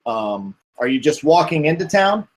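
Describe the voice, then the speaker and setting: A man's voice: fairly high pitch, big pitch swings, normal speed, rough recording. A man narrating as game master in a hesitant way, with many fillers.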